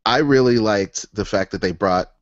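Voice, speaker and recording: A man co-hosting a wrestling podcast in casual chat, halting and restarting his sentences. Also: fairly low pitch, dry recording. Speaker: podcast co-host. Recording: dry, dull lo-fi podcast audio.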